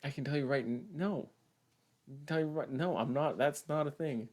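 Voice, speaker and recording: A man's voice: a little high, normal speed. A man co-hosting a casual podcast chat with his partner, laid-back and teasing, rambling as he talks. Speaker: co-host, host's partner.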